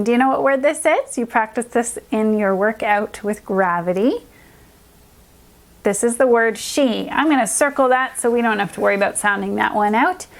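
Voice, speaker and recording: A young woman who teaches reading leads a cheerful lesson for small children, slowly sounding out letters and words. Her voice is fairly high.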